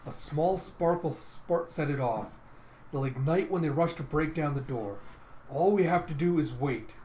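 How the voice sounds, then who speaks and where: A man's voice: fairly high pitch, measured pace, darkish tone, natural voice. Man doing a falsely polite host. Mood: scheming. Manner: smooth, falsely courteous. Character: scheming polite male host. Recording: roomy room with faint noise.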